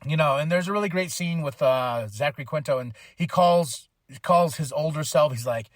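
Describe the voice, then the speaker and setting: A man's voice: a little high, normal speed, dry recording, studio quality. A man hosting a podcast, casually retelling a film plot in a slangy, rambling way full of fillers. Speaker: podcast host. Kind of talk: casual movie review recap.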